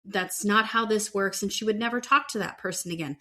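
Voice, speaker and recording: A woman's voice: medium pitch, fairly quick, bright, forceful tone. A woman co-hosting a podcast, giving blunt, opinionated takes in casual chat. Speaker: podcast co-host. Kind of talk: casual chat recapping a reality show.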